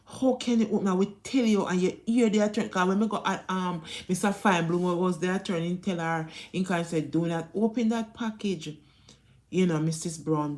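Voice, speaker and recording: Jamaican woman vlogger, lowish voice, emphatic casual storytelling that keeps calling out to viewers. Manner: emphatic, repetitive, keeps addressing viewers directly.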